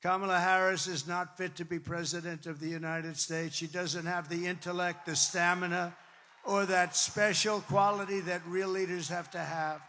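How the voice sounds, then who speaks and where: A man giving a campaign rally speech to supporters, emphatic and repetitive, wandering into asides and breaking into shouts. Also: high voice, little pitch movement, moderate pace. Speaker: political candidate addressing supporters. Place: large rally venue with crowd. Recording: long reverb from a rally venue.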